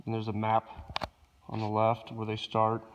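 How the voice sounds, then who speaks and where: A man with a cold, sounding rough and nasal, filming himself with a handheld camera while casually explaining a car repair, hesitant and apologetic. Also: lowish voice, moderate pace, lo-fi sound, noisy background. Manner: relaxed, hesitant, apologetic asides. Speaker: DIY car mechanic. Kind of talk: casual how-to walkthrough.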